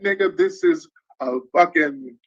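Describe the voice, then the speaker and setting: A man hosting a livestream, ranting in heated, profane, animated commentary. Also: on the high side, a little slow, highs cut off, a little hiss or hum. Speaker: livestream host.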